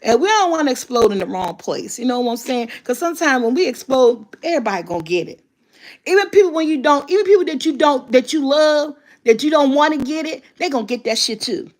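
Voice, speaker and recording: A woman in her fifties talks straight to her viewers in a casual motivational vlog. Her voice sits a bit high, and she is candid and emphatic, swearing freely as she makes her points. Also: expressive, fast, a little mellow. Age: 50s. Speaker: vlogger.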